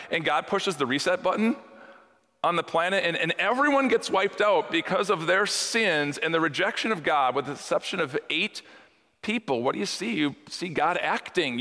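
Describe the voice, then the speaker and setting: A man's voice: a little high, bright, forceful tone. A man preaching a sermon to his congregation in a church hall, talking conversationally with humor and rhetorical questions. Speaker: pastor. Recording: echoey hall.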